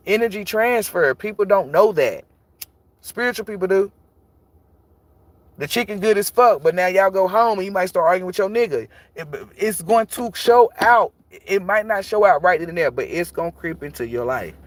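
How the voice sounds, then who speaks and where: A man's voice: sits high, normal speed. Blunt, profane man preaching on a livestream. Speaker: tarot reader. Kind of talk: casual livestream talk.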